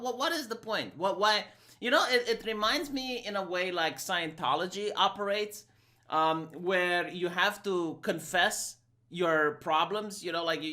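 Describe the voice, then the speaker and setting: A man's voice: high voice, sharp tone. A man with a Romanian accent, a streamer giving an argumentative, sarcastic opinion monologue. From Eastern Europe. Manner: sarcastic, argumentative, quick mock impressions.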